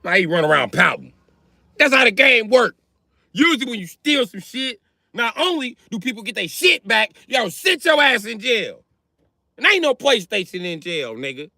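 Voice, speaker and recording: A man on a livestream telling profane, animated comic stories. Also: very high voice, moderate pace, gravelly, dry recording, studio quality. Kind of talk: comedic livestream rant.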